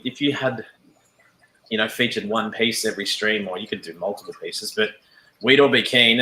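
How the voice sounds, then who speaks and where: A man's voice: mid-range voice, bright, forceful tone. Upbeat Australian man, echoey room. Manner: friendly, enthusiastic, laughs often. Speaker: livestream co-host. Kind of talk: casual group chat on a livestream.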